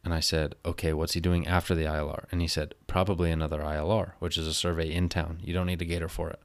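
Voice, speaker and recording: A man telling a work story in a casual, exasperated rant, swearing freely and getting louder as he vents. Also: low-pitched, level tone, quick pace. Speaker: vlogger.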